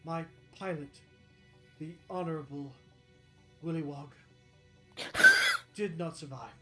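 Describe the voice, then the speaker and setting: A man's voice: fairly high pitch, pushed and bright, exaggerated voice, low-quality recording. A man voicing a small pink male fairy dragon who pleads politely and formally for rescue.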